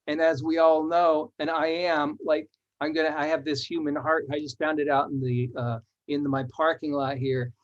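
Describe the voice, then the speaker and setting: A man's voice: a little high, little pitch movement, normal speed. Enthusiastic man reading verses, muffled audio. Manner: enthusiastic explanatory, reads verses aloud rhythmically. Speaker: children's author presenting his book. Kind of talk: book talk to readers. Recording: dull lo-fi audio.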